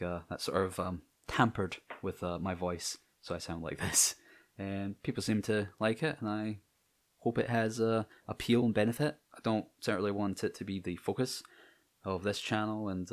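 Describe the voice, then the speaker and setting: Deep-voiced Scottish man, hesitant vlog. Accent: Scottish, from near Edinburgh. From Scotland. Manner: hesitant, many ums and restarts, self-conscious. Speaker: channel host. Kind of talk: personal to-camera vlog.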